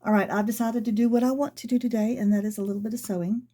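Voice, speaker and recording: Racing along in a steady, highish voice, a middle-aged sewing vlogger works through a project at home. Her talk is chatty and a bit rambling, with soft-spoken asides.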